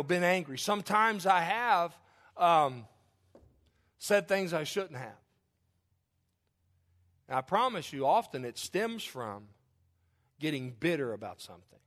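A middle-aged man, a pastor, preaching a sermon in a conversational, joking way, moving between loud outbursts and quiet confession. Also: fairly high pitch.

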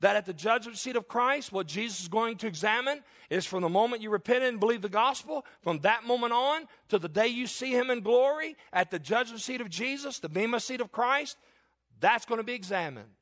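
A man's voice: very high voice, expressive, a little fast, fairly bright tone. A man in his forties preaching a sermon and reading Bible verses aloud, emphatic and given to repeating and restarting his phrases. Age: 40s.

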